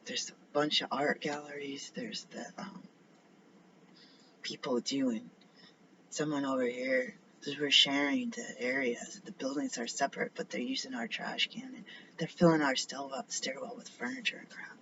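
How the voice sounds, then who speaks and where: A man talks through a loose, rambling vlog, wandering from one topic to the next and often sinking into a half-whisper. His voice sits at an ordinary middle pitch. The recording is a little muffled, with a faint hiss behind it. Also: steady tone, normal speed, sharp tone. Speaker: vlogger. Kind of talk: casual rambling monologue. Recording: slightly dull lo-fi recording with faint noise.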